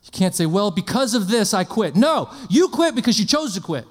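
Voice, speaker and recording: A man preaching a sermon in an energetic, conversational way, often asking the congregation questions and slipping in jokes. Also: high voice, brisk.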